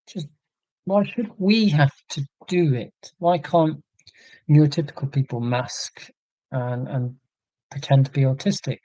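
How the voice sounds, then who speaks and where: A man talks through his thoughts on a livestream in an earnest, rambling way, often restarting his sentences. His voice is mellow and relaxed, recorded dry and close with no room sound, and he reads out and answers viewer comments as he goes. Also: medium pitch, no room sound, poor audio. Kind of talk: casual livestream chat.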